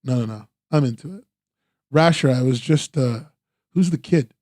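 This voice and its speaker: A man's voice: mid-range voice, moderate pace, darkish tone, no echo, clean studio sound. A man casually reviewing webcomics on a stream, rambling with lots of "like" and restarts, eager in his praise. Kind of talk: casual live-stream commentary.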